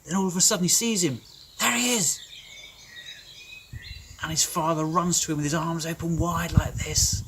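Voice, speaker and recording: A man tells a Bible story to young children, slowing down and stressing words for effect. His voice sits a little high for a man. Faint noise hums underneath. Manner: animated, emphatic storytelling. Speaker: children's club leader.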